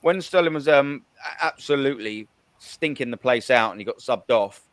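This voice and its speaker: A man hosting a call-in chat, animated and blunt, swearing freely as he tells stories from the stands. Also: mid-range voice, moderate pace, no echo. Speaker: host. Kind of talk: casual chat.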